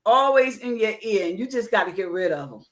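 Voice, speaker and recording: Woman host, casual and rambling, chatting with restarts and warm affirmations. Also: medium pitch, expressive, brisk. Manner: loose, rambling speech with restarts and frequent affirmations. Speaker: podcast host. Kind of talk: casual chat.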